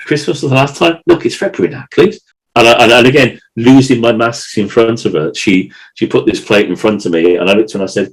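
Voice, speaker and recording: A man co-hosting a podcast talks in a casual, emotional, rambling manner, restarting often and repeating words. His voice is lowish and a little fast, and the audio quality is poor.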